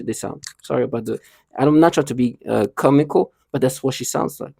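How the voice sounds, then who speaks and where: A man talking to camera in a rambling, halting monologue, restarting and repeating himself often. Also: medium pitch, vocal fry, a little mellow, husky, no room sound, clean studio sound. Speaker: vlogger.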